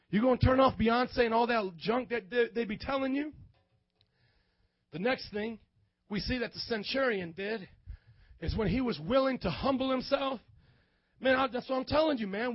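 A middle-aged man from the American Midwest preaching a sermon, animated, shouting at times and acting out scenes. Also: very high-pitched, no room sound, highs cut off. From Midwestern United States.

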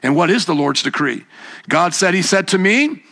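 A man preaching with emphasis, his voice sitting high for a man. The tone is bright and forceful, and he sometimes slips into a mocking higher pitch to mimic scoffers. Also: expressive, normal speed, creaky. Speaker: pastor. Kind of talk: sermon.

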